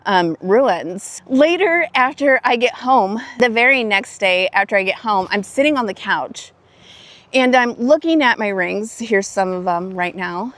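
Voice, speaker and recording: A woman's voice: medium pitch, expressive, a little slow, fairly bright tone, no room sound. A woman vlogger telling a personal story in an earnest, emotional way, with many fillers and restarts. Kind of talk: casual storytelling while hiking. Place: outdoors on a hiking trail.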